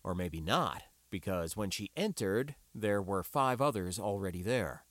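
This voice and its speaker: A man narrating an audiobook with a wry, expressive reading. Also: lowish voice, moderate pace, few pauses, no room sound.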